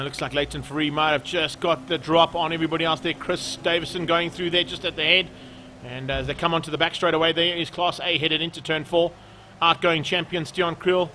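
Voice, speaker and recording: A man calls a motor race live in a bright, fairly high voice that climbs as the cars battle. Faint noise sits under his commentary. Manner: rises in pitch and volume when the racing starts.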